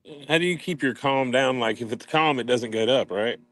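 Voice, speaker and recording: A man's voice: medium pitch, fairly quick, a bit bright, dry recording. A man co-hosting a casual reaction chat, sarcastic and profane. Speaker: co-host.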